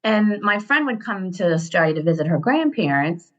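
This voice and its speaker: An American woman in her fifties from Ohio, a guest telling stories in a casual interview, animated and digressive, often laughing. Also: lowish voice, normal speed. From Ohio, USA. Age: 50s. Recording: dull lo-fi sound.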